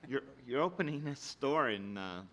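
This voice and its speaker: A man on a planning commission asking halting questions at a public meeting. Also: mid-range voice, lively intonation, fairly bright tone.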